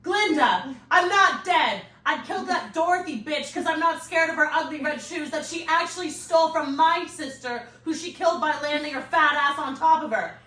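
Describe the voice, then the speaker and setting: A woman voicing an angry, foul-mouthed witch who rants loudly and fast. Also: high voice, pitched above the performer's own voice. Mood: furious. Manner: loud fast crude ranting. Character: furious green witch woman, crude and shouting. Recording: echoey room, distant mic, background noise.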